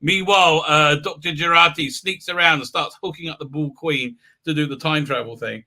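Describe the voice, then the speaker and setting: A man with a high, very bright voice runs a casual livestream recap. He rambles through it with constant fillers and breaks into mocking, silly voices for the characters. It sounds loose and off the cuff. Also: fairly even intonation, moderate pace. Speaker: livestream host reviewing a TV episode.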